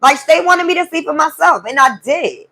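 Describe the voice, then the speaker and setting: High-voiced woman venting. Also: moderate pace. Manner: animated, profane storytelling to a live chat. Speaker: live stream host. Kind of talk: casual venting monologue.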